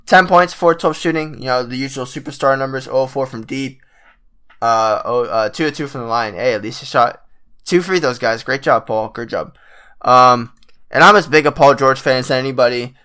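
A man's voice: medium pitch, normal speed, pushed and bright, clear, resonant tone. A young man, sick and with a cracking voice, ranting in casual commentary as a frustrated basketball fan who swears a lot. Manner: exasperated, swears a lot, many fillers.

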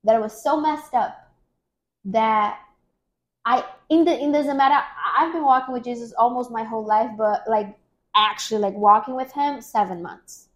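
A woman's voice: on the high side, normal speed, highs cut off. A woman hosting a faith podcast, telling an emotional personal testimony in an earnest way with many fillers. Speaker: podcast host.

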